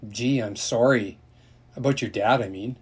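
A man voicing a curious, friendly young girl who asks earnest questions, in a husky storybook reading. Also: mid-range voice, normal speed.

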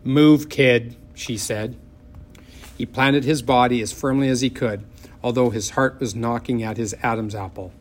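A man narrating an audiobook in a measured, expressive way. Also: mid-range voice.

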